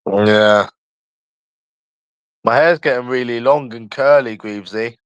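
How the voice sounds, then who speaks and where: A man's voice: medium pitch, slow, smooth, no room sound, lo-fi sound. A man from London chatting casually on a livestream, rambling and addressing a viewer by nickname.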